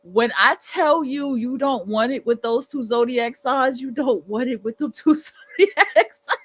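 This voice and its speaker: High-voiced laughing woman host. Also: normal speed. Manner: laughing hard, animated, slangy. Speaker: livestream host. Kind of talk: casual reaction commentary.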